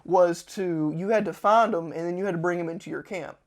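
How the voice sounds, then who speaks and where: A man, a podcast host, telling a long story casually and acting out the quotes with sudden shouts. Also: high-pitched, brisk. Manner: animated, acts out quotes with loud shouts.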